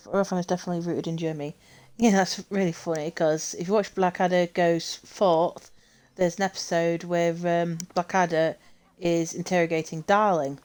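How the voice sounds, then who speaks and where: A woman's voice: fairly low pitch, a little mellow, clear, resonant tone. A young woman streaming a game, chatting casually in a rambling way and often correcting herself. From United Kingdom. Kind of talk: casual chat while gaming.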